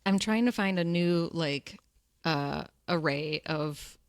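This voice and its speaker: A woman's voice: sits low, slow pace, smooth, no echo, studio quality. A woman hosting a podcast, chatting casually and giggling, with rambling, restarted sentences. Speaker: podcast host. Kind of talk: casual interview chat.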